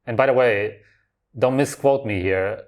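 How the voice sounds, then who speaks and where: A man's voice: medium pitch, measured pace. A man hosting a reaction video, commenting on clips in a blunt, dismissive, contrarian way.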